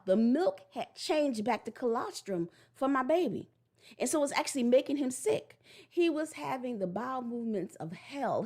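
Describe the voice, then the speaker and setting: A woman in her forties giving a blunt, animated parenting talk that slips into acted-out voices. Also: fairly high pitch. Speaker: parenting vlogger. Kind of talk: casual preachy monologue.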